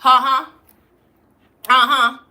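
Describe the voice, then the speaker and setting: Lady in her 40s on a livestream, high piercing voice, cussing out trolls in the chat. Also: flat delivery, takes it slowly. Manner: loud, profane and mocking, calling out trolls. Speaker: livestream host. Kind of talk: livestream chat reading comments.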